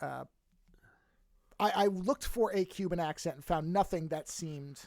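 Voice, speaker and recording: A man's voice: a little high, a little slow, creaky, darkish tone, no echo, studio quality. A man hosting a podcast, with a light New York accent, chatting casually and rambling through restarts and asides. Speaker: podcast host.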